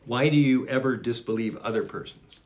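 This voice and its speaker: Speaking at a normal speed in a mid-range voice, this man reads from spiritual texts he wrote himself. Between lines he drifts into loose, self-interrupting reflections, keeping the whole thing casual and conversational.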